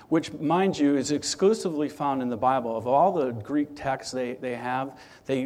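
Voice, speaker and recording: A man preaching in a loose, conversational storytelling way, often restarting and filling pauses. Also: mid-range voice, darkish tone. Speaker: church speaker. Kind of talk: sermon with personal testimony.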